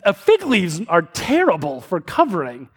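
A man preaching a sermon, telling a story with many restarts and slowing down for emphasis. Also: high-pitched, wildly swooping pitch, fairly bright tone, slightly rough, faint music behind. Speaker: pastor.

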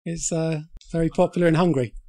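A man hosts a podcast in a casual chat about films. His voice sits a little high for a man. He swears freely, jokes and laughs a lot. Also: steady tone, fast, warm tone. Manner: sweary, joking, laughs often. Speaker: podcast host. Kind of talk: casual film-review chat.

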